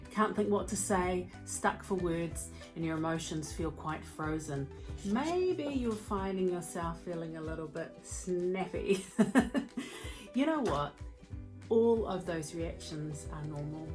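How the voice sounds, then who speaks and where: New woman, expressive, lower voice. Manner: expressive, conversational storytelling. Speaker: mental health speaker and educator. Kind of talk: motivational talk.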